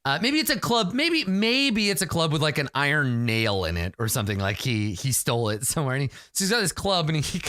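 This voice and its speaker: A man's voice: on the high side, sing-song, fairly quick, few pauses, bright, forceful tone, no echo, studio quality. A man playing a solo tabletop game aloud, rambling and self-amused as he narrates.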